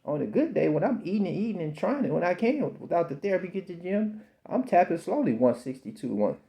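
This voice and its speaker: A man in his fifties giving a slow, repetitive, preachy spiritual monologue about self-belief, often calling the listener baby. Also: sits high, very animated, gravelly, warm tone.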